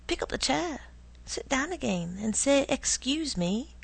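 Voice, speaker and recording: A woman's voice: sits high, very animated, unhurried, gravelly, breathy edge, voice pushed up, full character voice. A woman voicing a proper, superstitious mother in a storybook reading, speaking in a firm, matter-of-fact way.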